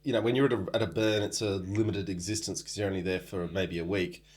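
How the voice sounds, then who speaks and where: A man's voice: low-pitched, fairly even intonation, quick pace, darkish tone. An Australian man co-hosting a casual book podcast. He talks thoughtfully, with hesitations and frequent ums. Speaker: podcast co-host. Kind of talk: casual book-club chat.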